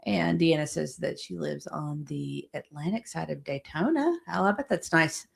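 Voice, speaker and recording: A woman's voice: deep voice, animated, moderate pace, creaky, breathy edge. A woman hosting a casual livestream, reading viewer comments aloud and chatting back.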